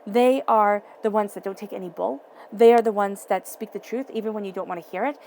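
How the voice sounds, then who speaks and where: Here the tarot reader speaks a little fast, her medium pitch fairly even and her tone on the darker side. A faint hiss or hum sits under her emphatic, repetitive reading aimed straight at the listener.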